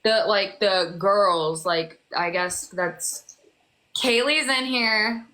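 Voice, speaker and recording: A woman's voice: medium pitch, very slow, bright, forceful tone. A woman guest on a live stream, defending herself and retelling a clip in casual chat.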